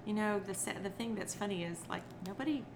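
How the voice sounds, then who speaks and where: Middle-aged woman telling lively stories. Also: medium pitch, fast talker. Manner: animated storyteller who acts out quotes. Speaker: podcast guest, children's entertainer. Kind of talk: casual interview chat. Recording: noisy background.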